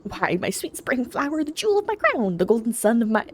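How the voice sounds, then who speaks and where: A woman's voice: on the high side, big pitch swings, a little fast, a little hiss or hum. Woman putting on a gushing male beekeeper. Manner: gushing, servile. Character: fawning lovesick male beekeeper.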